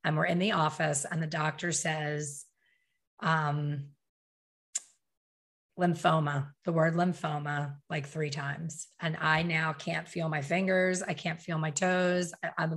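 A middle-aged woman telling a personal story in a candid, emotional way, with quick asides and self-corrections. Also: low-pitched, little pitch movement, fairly bright tone. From Philadelphia.

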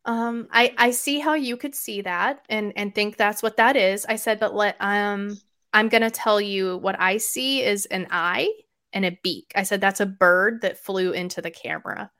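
A woman chatting as a podcast guest, telling stories in an animated way with sudden jumps in loudness. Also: medium pitch. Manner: animated storyteller, quick shifts in loudness. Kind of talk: casual chat.

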